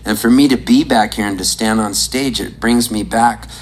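A performer on stage telling a rambling, excitable story, often breaking into laughter. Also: mid-range voice, moderate pace, slightly rough, poor audio. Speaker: comedian and musician on stage. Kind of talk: stand-up storytelling. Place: on stage at a desert venue.

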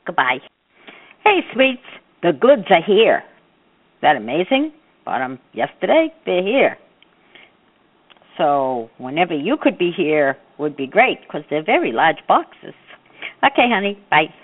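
An older woman rambles fondly through a voicemail message, her fairly low voice rising and dipping in wide, lively swings. The sound is narrow and boxy, as if heard through a telephone line. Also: measured pace, long pauses, slightly rough. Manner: chatty, rambling, affectionate. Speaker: mother leaving voicemails.

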